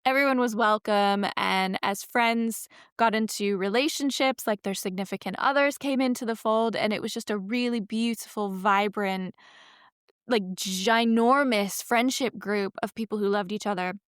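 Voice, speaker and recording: A woman's voice: mid-range voice, normal speed, clear, resonant tone, no echo, studio quality. A woman in her thirties hosting a podcast, talking in a chatty, rambling way and correcting herself as she goes. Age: 30s. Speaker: podcast host. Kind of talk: casual podcast intro.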